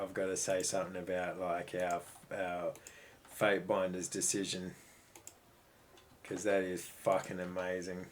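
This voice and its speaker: Low-voiced game commentator. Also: male voice, slight background noise. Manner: swearing, excitable and chatty. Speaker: let's play host. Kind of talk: casual gameplay commentary. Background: game music.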